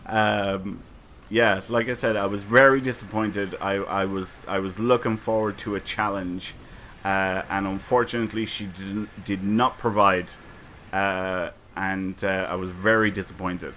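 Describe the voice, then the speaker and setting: Male streamer, low-ish voice, easygoing rambling chat with viewers. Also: steady tone, unhurried, a bit bright, slight background noise. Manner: rambling anecdotes, frequent fillers and chuckles. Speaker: streamer and community host. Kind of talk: casual livestream chat, reading chat comments.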